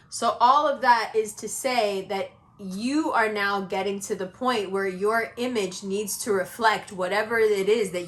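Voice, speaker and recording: A young woman giving an astrology reading in a casual, blunt monologue, swearing freely and swinging between slow, low stretches and quick, high bursts. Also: fairly bright tone. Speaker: astrology reader.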